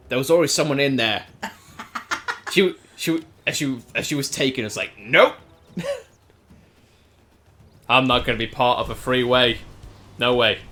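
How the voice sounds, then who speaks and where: A man's voice: mid-range voice, sharp tone. A man streaming a video game with casual, joking commentary, laughing often.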